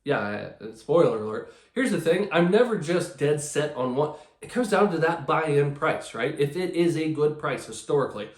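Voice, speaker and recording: A man's voice: on the high side, big pitch swings, normal speed, few pauses. Rambling sarcastic man, echoey room. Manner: rambling, sarcastic, with many restarts. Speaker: channel host. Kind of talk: casual talk about card collecting.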